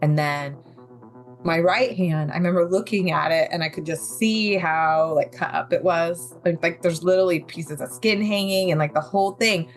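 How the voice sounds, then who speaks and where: A woman's voice: on the low side, moderate pace, faint music behind. A young adult woman, a podcast guest, telling her survival story in vivid, candid detail with occasional nervous laughs. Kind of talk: personal story in an interview.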